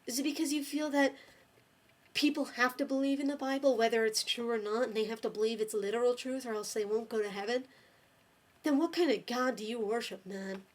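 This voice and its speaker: A woman's voice: on the high side, fairly quick. A woman delivering an exasperated, scolding rant straight to the camera, swearing often. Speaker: video blogger.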